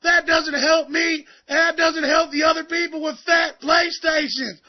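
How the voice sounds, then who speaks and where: A man voicing a loud, furious overweight gamer who calls himself a reverend, in a profane comic rant. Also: very high-pitched, steady tone, unhurried. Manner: ranting, profane, comic outrage. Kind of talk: comedic rant sketch. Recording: muffled lo-fi podcast recording.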